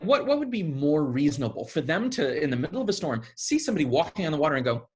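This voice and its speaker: A man preaching a sermon in a conversational, animated way, often restarting his phrases. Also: on the high side, brisk, slight background noise.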